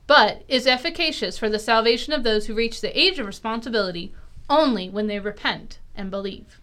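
A woman pastor who reads a church text aloud and discusses it in a measured, thoughtful way. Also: fairly high pitch, a bit bright. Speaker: pastor and co-host.

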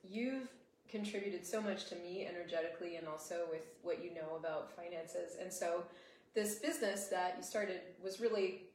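A woman with an American accent hosting a podcast, chatting with her guest in an upbeat, relaxed way. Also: lowish voice, moderate pace. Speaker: podcast host. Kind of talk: casual conversational interview. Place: room with guest, shared microphone. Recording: roomy echo and faint ambient noise.

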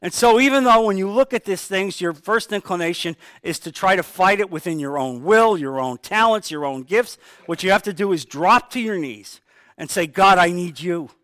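A man's voice: sits high, expressive, moderate pace, fairly bright tone, clean tone, no room sound. A man pastor preaching a sermon, stressing key phrases by repeating them and acting out sample prayers.

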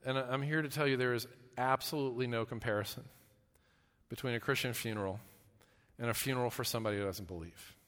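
A man preaching a sermon as a pastor, earnest, often restarting his words and swinging between loud emphasis and hushed, slow lines. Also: mid-range voice. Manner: earnest, with repeated restarts and stammers. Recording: long hall reverb.

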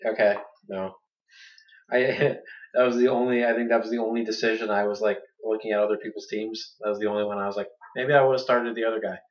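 A man's voice: on the low side, level tone, fast, far from the mic. A man co-hosting a podcast, chatting casually about fantasy football, playful and laughing often. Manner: playful, laughs often, puts on mocking voices. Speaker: podcast co-host. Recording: dull lo-fi sound, a bit off-mic.

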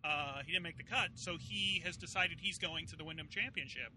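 A man's voice: fairly high pitch, a little fast, pushed and bright, a little hiss or hum. A man talking as a comedian guest in a car, teasing his host and laughing often. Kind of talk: casual chat. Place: inside a moving car.

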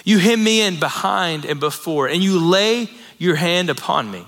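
A man's voice: high voice, animated, normal speed, a bit bright. A man in his thirties preaching a sermon in a conversational, storytelling way, with asides to the congregation. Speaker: pastor. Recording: long reverb in a large hall.

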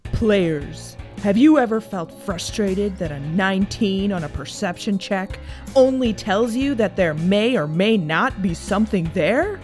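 A woman host reading a scripted podcast intro in a slow, measured way. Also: medium pitch, expressive, darkish tone, soft background music.

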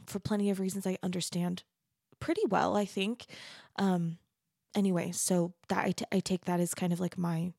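A woman with a warm, mellow voice explains her song line by line, with frequent pauses, fillers and restarts. She reads her lyrics aloud earnestly and softly. The sound is dry and close, with no room around it. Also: medium pitch, no echo. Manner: thoughtful, halting, many fillers and restarts. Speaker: songwriter.

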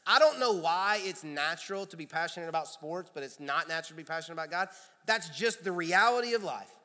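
Preaching man with a Kentucky accent, big reverb. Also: fairly high pitch. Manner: conversational preaching, rising to loud emphatic bursts. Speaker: pastor. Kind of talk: sermon. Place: large church sanctuary. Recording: long hall reverb.

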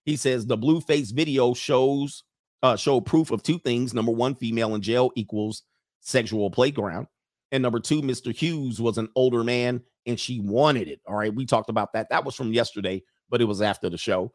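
A man's voice: medium pitch, normal speed, no room sound, studio quality. Emphatic man hosting a reaction show. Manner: emphatic, preachy, repeats points for stress. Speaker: host.

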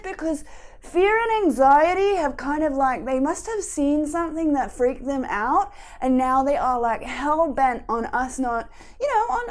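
A woman giving an emotional-wellness talk, telling lively, playful stories. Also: high-pitched, measured pace.

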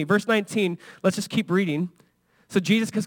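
A man's voice: sits high, normal speed, dry recording. A male pastor preaching a sermon in an earnest, conversational way, a father who acts out the voices he quotes. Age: young adult or middle-aged, father of a son.

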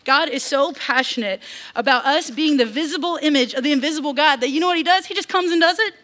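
Young Southern woman preacher, high bright voice, lively sermon delivery with playful asides. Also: fast. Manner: animated, acts out quoted voices, casual asides.

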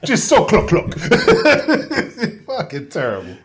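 A man banters on a casual podcast, teasing and laughing. His voice is high and swoops a lot. He talks at an unhurried pace. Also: huge pitch swings. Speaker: podcast co-host.

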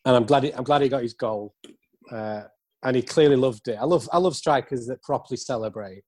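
A man in a casual post-match football chat, animated and quick to laugh, often stammering over his words. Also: mid-range voice. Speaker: football podcast co-host.

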